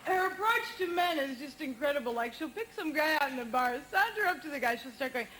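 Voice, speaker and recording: A woman performing a stand-up comedy routine on a TV studio stage, with a wry, punchy deadpan delivery. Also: high-pitched, fast. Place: TV studio stage with a live audience. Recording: noisy old 1980s TV broadcast tape.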